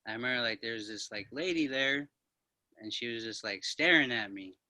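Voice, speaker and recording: A young man rambles through a dream story, packing his sentences with "like" and sounding a little high. His voice is very bright and sharp, and it sits close and dry with no room around it. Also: expressive, moderate pace, dry recording. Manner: rambling, full of "like", a bit high. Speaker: guest. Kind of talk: casual storytelling.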